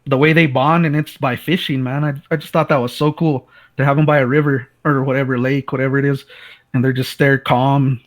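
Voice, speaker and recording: Male co-host, laid-back film chat, mid pitch, casual "man" filler. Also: level tone, a little fast. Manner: laid-back, keeps saying "man", trails off with restarts.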